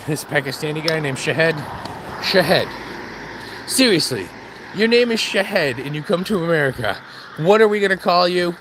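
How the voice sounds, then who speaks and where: A father vlogging while walking his dog rambles and cracks jokes, laughing at himself along the way in a casual monologue. His voice sits on the high side and is fairly bright, with a slight hiss or hum.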